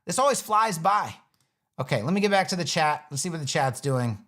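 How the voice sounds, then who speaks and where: A man's voice: a little high, animated, fairly quick, bright, forceful tone. A man teaching web design on a live stream, talking casually through each step as he builds a page on screen.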